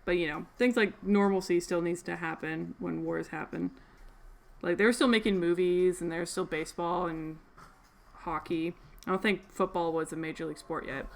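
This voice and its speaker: A woman's voice: lowish voice, fairly even intonation, normal speed, gravelly. A young woman from Canada chatting casually and rambling while she sews on a livestream, laughing often. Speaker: crafting livestream host. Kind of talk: casual chat while sewing.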